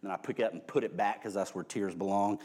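A man preaching an informal, humorous sermon, joking at his own expense and swinging between hushed and loud delivery. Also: lowish voice, steady tone, fast. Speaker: pastor.

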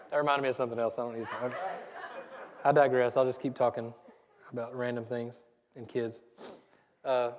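A man in his thirties with a Southern US accent, preaching a casual, conversational sermon that rambles and turns self-deprecating. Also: medium pitch. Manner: rambling, self-deprecating, laughs at own stories. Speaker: pastor. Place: church sanctuary. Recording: church hall with long reverb.

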